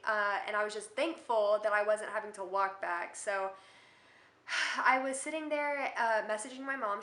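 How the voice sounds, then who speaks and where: A young woman tells a rambling storytime vlog in a bright, forceful voice, full of filler words. Her voice rings around an echoey room. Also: mid-range voice. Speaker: vlogger.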